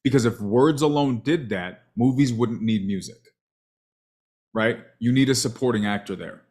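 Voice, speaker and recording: Brief: male sales coach, animated and emphatic, reviewing a call. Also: medium pitch, normal speed. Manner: emphatic, animated, asks "right?" constantly.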